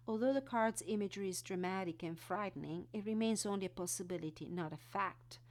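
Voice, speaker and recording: Low-voiced woman reviewing oracle cards. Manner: unhurried, reads card text then explains with fillers. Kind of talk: card reading walkthrough.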